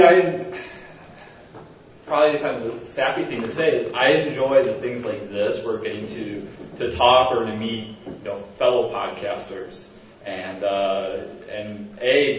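A man's voice: on the low side, dull audio. Man on a convention panel, echoey hall. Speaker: podcast panelist. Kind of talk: panel discussion. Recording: distant roomy hall mic.

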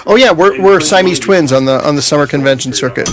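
A man's voice: a little high, quick pace. A man who is a comic creator guesting on a podcast in a comic shop, upbeat and jokey. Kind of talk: casual chat. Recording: crowd noise behind.

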